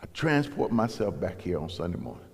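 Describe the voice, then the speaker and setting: A man's voice: low voice, sing-song, brisk, background noise. A man, a pastor, preaching in a folksy storytelling way and acting out dialogue in raised voices. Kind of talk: sermon storytelling. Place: church sanctuary. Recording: long reverb in a large hall.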